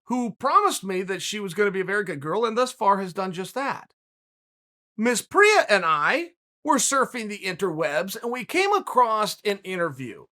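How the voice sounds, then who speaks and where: A man hosting a show, telling a story in a casual, animated commentary monologue full of conversational asides. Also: very high voice. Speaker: podcast host.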